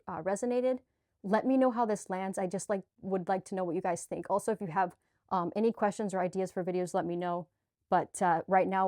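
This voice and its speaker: A woman's voice: lowish voice, darkish tone, dry recording, clean studio sound. A woman talking straight to her viewers in a heartfelt spiritual vlog, earnest and gushing, sweaty and a little choked up. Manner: earnest, gushing, with restarts and filler. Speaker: spiritual vlogger. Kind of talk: heartfelt direct-to-camera vlog.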